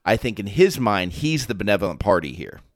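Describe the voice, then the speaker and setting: Low-voiced man reading scripture calmly. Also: a little fast. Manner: calm, even reading; lively in discussion. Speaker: podcast co-host and reader. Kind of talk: casual chat and scripture reading.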